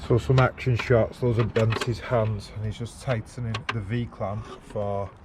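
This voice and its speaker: This car vlogger has a fairly low voice with fairly even intonation and an unhurried pace. He's outside next to a car at the roadside, working on it while chatting bluntly and swearing into a handheld camera on a gimbal, against a noisy background.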